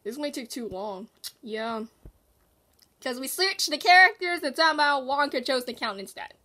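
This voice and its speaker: Excitable high-voiced woman gaming. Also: moderate pace. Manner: excitable, squealing and groaning at the game. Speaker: gaming video host. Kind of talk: playful game commentary with toy voices.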